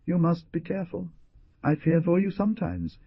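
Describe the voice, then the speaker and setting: A man's voice: on the high side, fairly even intonation, moderate pace, creaky, slightly rough, dry recording, dull audio, voice pushed up. A man voicing a stout, elderly, foreign-born hostess who fusses and scolds in formal phrasing, with a foreign accent. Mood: fussing.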